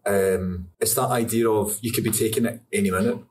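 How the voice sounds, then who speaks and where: A young Scottish man with a fairly low voice talks in a loose, rambling way and laughs as he goes. The mic sits back from him, with a faint room hum underneath. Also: fairly even intonation, fairly quick. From Scotland. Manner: chatty, rambling, laughs often. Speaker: actor interviewee. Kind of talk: casual interview answers. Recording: distant mic with faint ambience.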